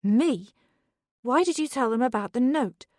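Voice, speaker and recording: Brief: narrator puts on a tipsy, defensive wife, raised and sharp, close dry read. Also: female voice, on the high side, lively intonation, unhurried, dry recording, pitched above the performer's own voice. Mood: drunk, angry. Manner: heated, slurred and defensive. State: drunk.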